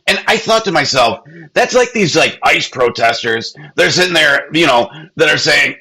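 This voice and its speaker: Male podcast host, bright, husky tone, blunt and profane. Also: on the high side, expressive, moderate pace, poor audio. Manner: blunt, profane, laughing often. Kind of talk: casual chat.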